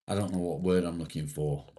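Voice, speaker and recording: A man's voice: low-pitched, warm tone. A man hosting a casual live stream, reading viewers' comments aloud, swearing freely and rambling in a self-deprecating way.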